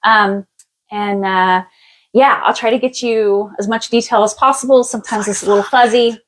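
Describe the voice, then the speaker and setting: A woman working as a psychic medium on a live stream, giving a past-life reading. She talks in a relaxed, chatty way, thinks aloud, and often stops to restart a thought or reach for the next word. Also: medium pitch, rough recording. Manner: thinks aloud in a halting way, with many fillers and restarts; relaxed and chatty, laughs easily.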